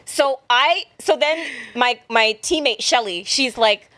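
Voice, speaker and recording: Woman, young adult, co-host, excitable, bright voice, acts out reactions. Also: fairly high pitch, a little slow. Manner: dramatic, excitable, acts out her own reactions. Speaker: podcast co-host. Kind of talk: casual chat, animated storytelling.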